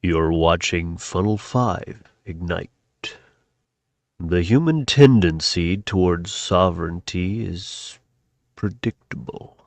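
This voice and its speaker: A menacing machine agent talks down to humans in a low, slow, flat voice, as a man voices him. He sounds cold and unfeeling. The sound is dry and close. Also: gravelly, no room sound, exaggerated voice.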